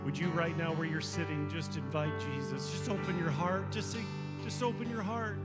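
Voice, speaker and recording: A man's voice: fairly high pitch, moderate pace. A man preaching as a pastor, emotional and pleading as he leads the congregation in a prayer of salvation. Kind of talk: sermon with altar call prayer. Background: loud country guitar music.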